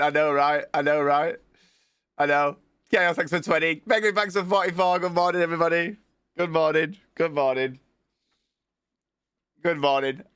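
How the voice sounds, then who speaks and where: A man with a bright, forceful voice and a cold that is getting worse. He chats casually from home, greeting viewers by name and swearing now and then. His voice sounds dry and close, with little room sound. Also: fairly high pitch, clear, resonant tone, no echo. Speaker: streamer. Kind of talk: casual livestream chat.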